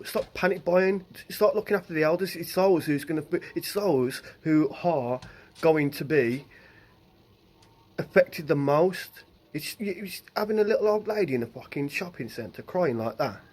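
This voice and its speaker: A man's voice: fairly high pitch, a little mellow. An angry man ranting and swearing into his phone camera about what his wife saw. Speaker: husband venting on camera. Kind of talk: angry home video rant.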